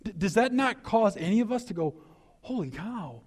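A male pastor delivers a sermon with a slightly high-pitched voice. He builds to emphatic peaks, then drops into conversational, reflective asides. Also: fairly quick. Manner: animated preaching, rising to emphatic peaks.

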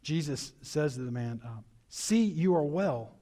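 A man preaching a sermon as pastor, animated and emphatic with conversational, reflective asides. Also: on the high side, unhurried.

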